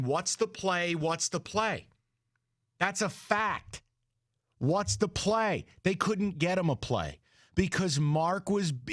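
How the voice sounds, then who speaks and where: Male sports radio host, fairly high voice, dry close sound, blunt heated rant. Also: dry recording. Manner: blunt, heated, profane ranting.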